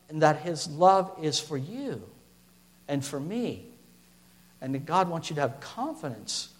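A man's voice: fairly high pitch, long reverb tail. A man preaching a sermon, talking casually with fillers and restarts, then building to emphatic passages.

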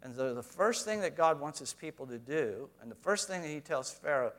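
A man preaching a sermon to a congregation, swinging between quiet asides and loud, emphatic lines. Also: a little high, animated, fairly quick. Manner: reads scripture aloud, addresses congregation directly. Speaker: pastor.

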